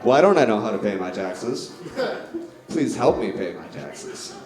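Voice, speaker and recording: Deadpan stand-up comedian in echoey club. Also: male voice, lowish voice, measured pace, a crowd in the background. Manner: deadpan, mock-formal presenting. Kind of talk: stand-up slideshow presentation.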